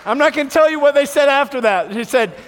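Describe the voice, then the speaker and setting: Animated, joking male pastor, storytelling sermon voice, reverberant church hall. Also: very high-pitched, quick pace. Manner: animated, jokey storyteller who acts out voices.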